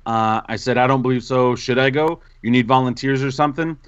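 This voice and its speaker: A man co-hosting a casual podcast, telling a self-mocking story in an animated way. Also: medium pitch, fairly quick, smooth, no room sound, dull audio. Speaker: podcast co-host.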